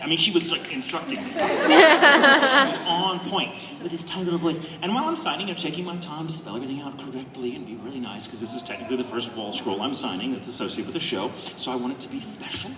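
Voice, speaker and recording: A man, a voice actor on a convention panel, telling a casual story to a live audience, animated and laughing often. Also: a little high, quick pace, crowd noise. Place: large convention hall. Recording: echoey hall, distant noisy mic.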